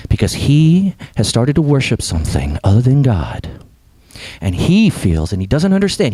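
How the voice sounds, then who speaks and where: A young adult man preaching a sermon as pastor, animated, sometimes dropping to a hush for emphasis. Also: lowish voice, no echo.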